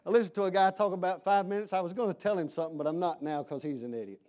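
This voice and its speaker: A man's voice: high-pitched, rapid-fire, darkish tone. A man preaching a sermon in a folksy, conversational way, asking his congregation questions.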